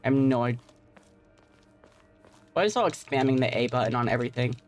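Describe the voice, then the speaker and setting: A woman's voice: rumbling low, quick pace, darkish tone, faint music behind. A woman streamer giving playful, profane live gameplay commentary, tacking "meow" onto her sentences. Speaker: game streamer.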